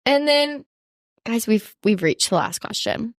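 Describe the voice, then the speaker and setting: A woman's voice: fairly high pitch, animated, measured pace, no echo, studio quality. A young woman hosting a podcast, chatting in a bubbly way with lots of affirmations and "like". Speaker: podcast host. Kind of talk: casual chat.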